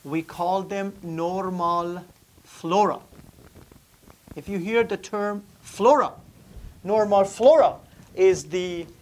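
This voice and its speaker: A man teaching anatomy to a live class, asking students questions and repeating key terms while writing on the board. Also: high voice. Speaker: anatomy instructor. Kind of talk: classroom lecture.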